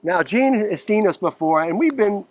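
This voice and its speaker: A man's voice: sits high, normal speed. A man from the Bronx, a musician guest telling stories casually and profanely, acting out the quotes, outdoors in a park. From New York, the Bronx. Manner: animated, profane, acts out quotes. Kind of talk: casual storytelling.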